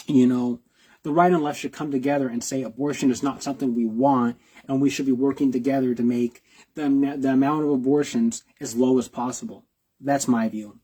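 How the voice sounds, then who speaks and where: A man's voice: medium pitch, warm tone, slightly rough. A man, a video blogger, giving reaction commentary, repeating himself with rhetorical questions and restarts.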